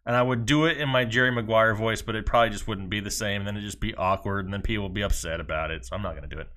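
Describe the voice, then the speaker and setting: A man co-hosting a casual live stream. He reads viewer questions aloud in quick runs and slips in dry jokes, with an easygoing chatty rhythm. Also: on the low side, bright, forceful tone. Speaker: fantasy football show co-host.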